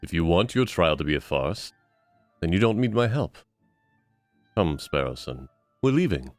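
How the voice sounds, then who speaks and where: A man voicing a stern, blunt male lawyer, speaking in a firm and measured way. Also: very deep voice, a little mellow, breathy edge, faint music behind, voice pushed down, full character voice.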